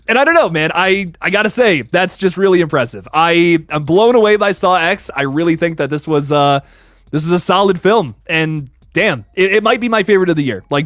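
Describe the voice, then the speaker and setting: A young man hosting a casual live stream, chatting excitedly with viewers and greeting them by name. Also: high-pitched, dry recording, studio quality. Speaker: livestream host reviewing films.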